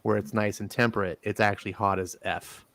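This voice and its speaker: Low-voiced man, wry casual chat. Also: fairly even intonation, a little fast, vocal fry, fairly bright tone. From inland Southern California.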